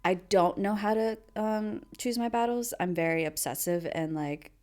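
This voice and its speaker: A woman's voice: mid-range voice, moderate pace, darkish tone. Woman around thirty, podcast guest, playful, laughs a lot, casual chat. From United States. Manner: playful, laughs often, uses many fillers.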